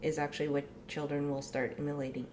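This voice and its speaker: Low-voiced mom co-host; earnest, measured, faint noise behind. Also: female voice, level tone, darkish tone. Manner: measured, earnest, uses many fillers. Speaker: family show co-host, mother. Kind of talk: casual family chat.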